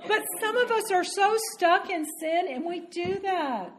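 A woman with a high voice preaches to a room of women. Her delivery is animated and self-deprecating, and she laughs as she talks. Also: measured pace, few pauses. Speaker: women's Bible teacher. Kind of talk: sermon to women.

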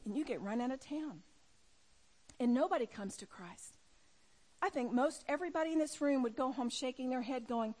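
A woman preaching a sermon to women, emphatic, swinging from loud urging to hushed prayer. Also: sits high, animated, normal speed. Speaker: women's ministry speaker.

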